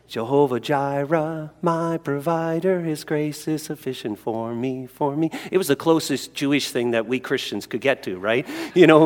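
A pastor preaching to his congregation, his voice sitting a little high for a man. He swings from loud, animated bursts to hushed storytelling. The sound carries a long reverb from a large hall. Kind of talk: sermon.

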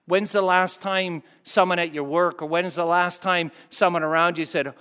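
A man preaching a sermon as pastor, moving between loud fervent peaks and hushed, soft passages. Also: high voice, steady tone, moderate pace, few pauses, clean tone. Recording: long hall reverb.

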